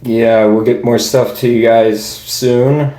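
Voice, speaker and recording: A young podcast co-host chats casually, laughing often and imitating people he met as he tells his stories. His medium-pitched, mellow voice takes things slowly with fairly even intonation. The recording has a roomy echo.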